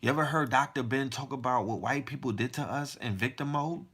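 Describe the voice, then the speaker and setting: A man's voice: mid-range voice, fairly quick, a bit bright, breathy edge. A man hosting a podcast, delivering a heated, profane monologue full of rhetorical questions. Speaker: podcast host.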